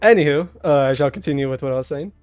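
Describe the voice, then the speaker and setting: Young game master, fairly high voice, loose and joking at his own expense; faint music underneath. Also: rapid-fire, a little mellow. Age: young adult. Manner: laughs often, self-deprecating. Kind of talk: casual chat running a tabletop game.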